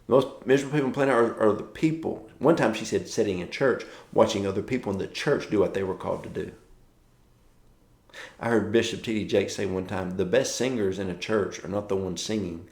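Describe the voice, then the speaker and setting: A man's voice: fairly low pitch, normal speed, darkish tone, roomy sound. A man giving a casual morning devotional as a pastor, telling stories and acting out quoted dialogue in a conversational way.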